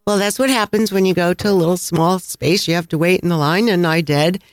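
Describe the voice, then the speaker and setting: A man with a Chicago accent, co-hosting a travel podcast and telling a lively anecdote with frequent laughs. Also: high-pitched, a little fast, no room sound, studio quality. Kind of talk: casual storytelling chat.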